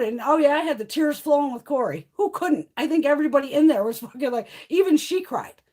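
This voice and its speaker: A woman in her fifties chatting casually on a live stream, blunt, profane and animated. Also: high-pitched, brisk, hardly any pauses. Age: 50s. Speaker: beauty livestream host.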